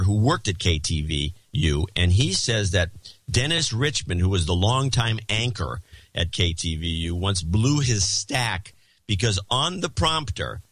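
A man's voice: lowish voice, fairly bright tone, no room sound. A man co-hosting a casual talk show, telling a story in a rambling way with many restarts and asides. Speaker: podcast co-host. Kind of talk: casual chat.

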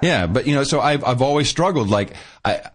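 A man's voice: medium pitch, animated, fairly quick. A man co-hosting a podcast in casual chat, rambling and restarting his sentences, often laughing. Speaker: podcast co-host.

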